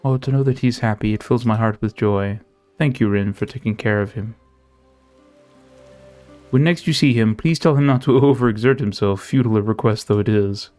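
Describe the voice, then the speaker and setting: A man voicing a gentle, devoted woman of a city in a game, reading her lines in formal, old-fashioned phrasing. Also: fairly low pitch, moderate pace, faint music behind, close to an everyday voice. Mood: earnest. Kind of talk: reading game dialogue aloud.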